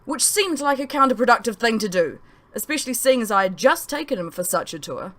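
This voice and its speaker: A woman author narrating her novel in the first person, expressive and story-driven. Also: fairly high pitch, fairly quick. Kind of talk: audiobook narration.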